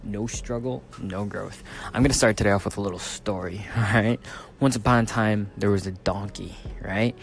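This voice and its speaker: A man's voice: on the low side, fairly even intonation, normal speed, vocal fry, a little hiss or hum. A man founder of a fitness training company, telling a motivational story casually and tagging sentences with "right?". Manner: casual, punctuates sentences with "right?", laughs often.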